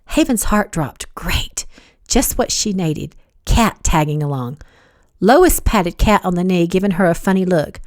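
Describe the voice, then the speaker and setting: A woman reading her novel aloud as audiobook narration, evenly and measured. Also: lowish voice, lively intonation, darkish tone, dry recording, clean studio sound.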